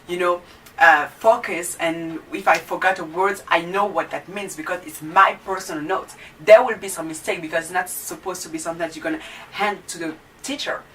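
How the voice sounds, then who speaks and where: A woman's voice: lowish voice, sharp tone. Young woman, student vlogger, blunt heated rant, casual chat, slightly distant mic, faint background hiss.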